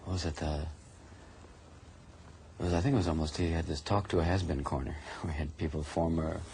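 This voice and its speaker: Fast-talking man with a very deep voice. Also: fairly even intonation, creaky, darkish tone, a little hiss or hum. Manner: quick reminiscing storyteller. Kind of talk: documentary interview.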